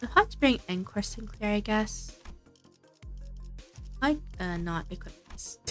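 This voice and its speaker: A woman's voice: medium pitch, lively intonation, unhurried, faint music behind. A woman VTuber in casual gameplay commentary, chatty and thinking aloud as she plays, laughing often. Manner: reads game dialogue aloud. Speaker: VTuber streamer.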